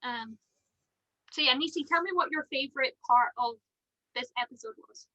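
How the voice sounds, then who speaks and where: A woman's voice: sits high, normal speed, sharp tone, no echo, dull audio. A woman co-hosting a casual fan podcast, chatty and giggly, with lots of ums. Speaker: podcast co-host.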